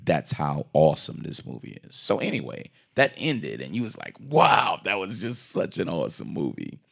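A man casually retelling a movie plot in a rambling, animated way, slipping into quoted voices and restarting his sentences. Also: rumbling low, normal speed, gravelly. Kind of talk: casual movie recap chat.

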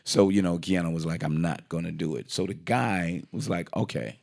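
A deep-voiced man with a gravelly edge chats through a film's plot, rambling and animated. He keeps breaking into quick quoted voices and starts his sentences over. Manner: rambling, animated retelling with acted quotes and restarts. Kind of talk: casual movie recap chat.

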